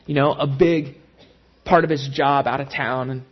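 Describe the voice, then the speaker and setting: A man preaching a sermon. He acts out the tempting inner voices quickly, then slows down and drops low and quiet on key lines. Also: fairly even intonation, highs cut off. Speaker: pastor.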